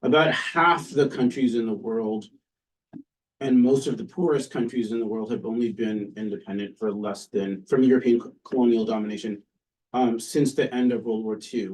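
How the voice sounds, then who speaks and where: A man, a political science professor, giving an academic talk in a relaxed, conversational way with frequent pauses and "um"s. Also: fairly low pitch, distant mic, a little hiss or hum, rough recording. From Canada. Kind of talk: academic lecture. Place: lecture room with an audience.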